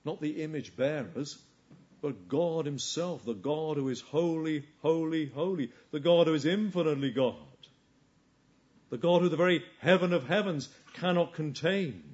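A man preaching a sermon. He asks rhetorical questions and swings between hushed lines and forceful emphasis. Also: a little high, normal speed, dull audio.

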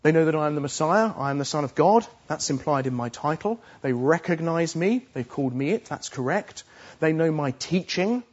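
A man's voice: a little high, expressive, moderate pace, husky. Earnest man preaching a sermon, lo-fi. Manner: earnest, emphatic, repeats phrases for stress.

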